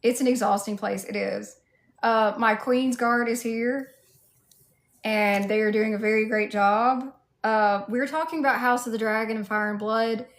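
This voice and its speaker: Southern lady on a livestream, kinda high voice, sassy and chatty, greeting everyone in chat. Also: steady tone, moderate pace. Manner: playful, sassy, chatty, greets viewers warmly. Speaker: livestreamer in cosplay. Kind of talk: casual livestream chat reading viewer comments.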